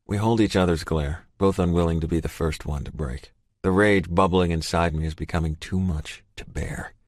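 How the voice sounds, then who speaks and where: Deep-voiced male audiobook narrator. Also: fairly even intonation, moderate pace, no echo, clean studio sound. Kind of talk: first-person romance audiobook narration.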